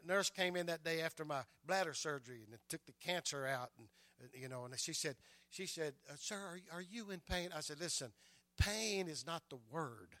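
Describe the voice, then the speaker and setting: Older pastor man preaching, keeps saying amen, bit high voice, dry close sound. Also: lively intonation, normal speed, pushed and bright, dry recording. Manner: storytelling preacher, repeats words and adds "amen" often. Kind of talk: sermon.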